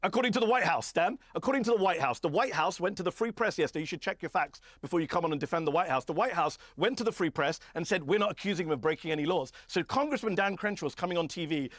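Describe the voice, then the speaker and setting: A man's voice: sits high, fast, hardly any pauses, dry recording, clean studio sound. A male journalist in a heated televised debate, cutting in and hammering his points home with insistent repetition. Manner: insistent, cuts in, repeats points forcefully.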